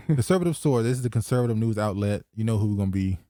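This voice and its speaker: A man hosting a podcast, talking in a relaxed, mellow tone. He reads news aloud and breaks in with quick asides. The sound is close and dry. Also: on the low side, no echo. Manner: talks over his co-host, reads news aloud with asides. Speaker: podcast host. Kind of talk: casual political chat.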